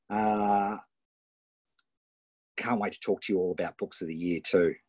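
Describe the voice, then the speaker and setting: A middle-aged Australian man coaching entrepreneurs on a live webinar, energetic and encouraging, often ending points with "right?", recorded on a tablet mic. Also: low voice, brisk, slightly rough, dry recording. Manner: energetic, tag questions, reads out students' wins. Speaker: online business coach. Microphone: iPad Pro built-in mic.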